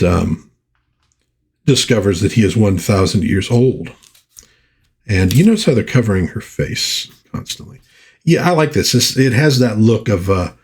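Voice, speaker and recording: Husky guy chatting about old comics, kinda low voice, enthusiastic. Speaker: comic book vlogger. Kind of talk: casual comic book commentary.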